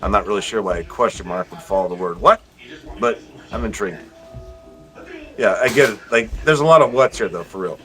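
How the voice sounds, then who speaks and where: A man hosting a livestream, reading chat comments aloud and teasing viewers in a profane, joking way, swinging from loud bursts to low mutters. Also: a little fast, soft background music, poor audio.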